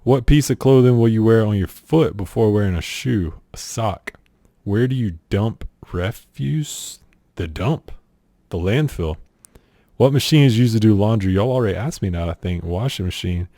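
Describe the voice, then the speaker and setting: This streamer, a young man from South Carolina, has a lowish, expressive voice with a dark tone and a moderate pace, recorded at studio quality with no room sound. He breezes through an accent challenge in his Southern accent, reading questions off a list and saying "y'all" and "ain't" in a relaxed, offhand way.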